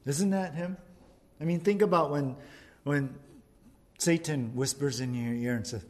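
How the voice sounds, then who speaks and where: A man's voice: fairly high pitch, unhurried, pauses often. A male pastor giving a casual, conversational sermon and often speaking to the crowd as "you guys". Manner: conversational preaching, addresses the audience as "you guys".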